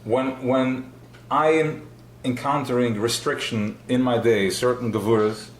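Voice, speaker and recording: A man's voice: mid-range voice, steady tone, a little slow, slight background noise. Guy giving a live chassidic class, passionate, keeps circling back, echoey room. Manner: passionate, repetitive, asks himself questions. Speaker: Chassidic teacher.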